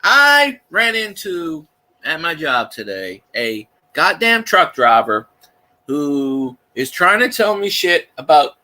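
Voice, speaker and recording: A man's voice: on the high side, big pitch swings, slow pace, bright, forceful tone, low-quality recording. A man with a Cajun accent hosting a casual livestream, telling rambling stories with lots of restarts and the odd swear. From Louisiana. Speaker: livestream host.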